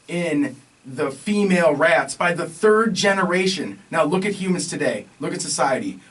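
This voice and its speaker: Co-hosting a casual podcast, a man launches into emphatic, rambling rants. His voice is a bit high, and he sounds some distance off the microphone.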